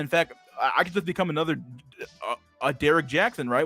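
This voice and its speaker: A man's voice: a little high, fairly bright tone. A man streaming a casual rant and reacting to chat, cursing freely, laughing often and stumbling over repeated words. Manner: profane, stammering repetitions, frequent laughter.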